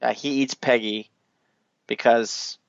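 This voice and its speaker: A man hosting a casual chat, retelling scenes with animated energy, acting out lines and swearing casually, on a dull, dry recording. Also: medium pitch, slow pace, vocal fry, no echo. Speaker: podcast host recapping an anime.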